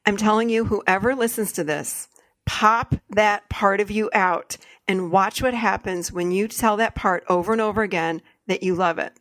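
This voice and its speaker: A woman's voice: medium pitch, normal speed, fairly bright tone, dry recording. A woman hosting a podcast, talking earnestly and enthusiastically and repeating phrases for emphasis. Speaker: podcast host and therapist. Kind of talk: casual podcast chat.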